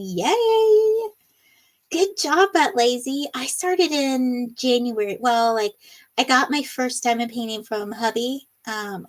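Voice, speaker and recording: A middle-aged woman hosting a casual livestream, reading viewer comments aloud and laughing often in a bubbly, chatty way. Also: fairly high pitch. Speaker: livestream host.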